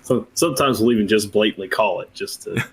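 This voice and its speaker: Wry, husky-voiced man. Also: on the low side, quick pace. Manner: wry, self-deprecating. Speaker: game master. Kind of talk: casual podcast chat.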